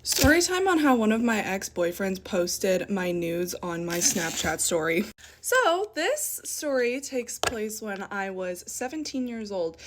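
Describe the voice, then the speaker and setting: A young woman telling a personal story in a casual, animated way, swearing often and sounding indignant. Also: medium pitch, measured pace, background noise.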